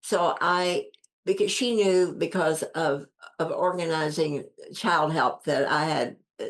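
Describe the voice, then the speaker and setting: Speaking at a measured pace in a low voice, an older woman tells her own story as an interview guest. She acts out what others said with a lifted voice, repeats phrases for emphasis and stays earnest throughout.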